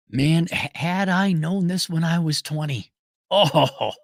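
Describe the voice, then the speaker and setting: A blunt, emphatic man hosting a casual livestream, his voice sitting a little higher than most men's. He lurches between loud, forceful declarations and low, muttered asides. The sound is close and dry, with no room around it. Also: measured pace, no echo. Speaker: livestream host reading super chats.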